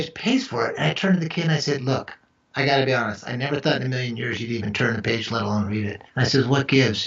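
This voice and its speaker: A man being interviewed about his book, telling stories and acting out the dialogue with lively energy. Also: medium pitch. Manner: animated storyteller acting out dialogue. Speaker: author and interview guest. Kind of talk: storytelling interview chat. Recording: echoey, distant, dull remote audio.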